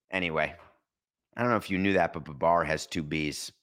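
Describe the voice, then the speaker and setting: A man hosting a sports talk show, telling stories in a playful, animated way with sudden jumps in pitch. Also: normal speed. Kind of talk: casual podcast monologue.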